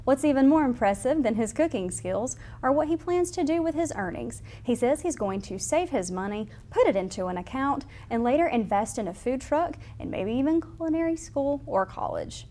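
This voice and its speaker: A woman's voice: sits high, animated, warm tone. A woman anchoring a local TV news show in a studio, reading stories and bantering in a bubbly, reactive way. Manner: bubbly, quick to laugh and react.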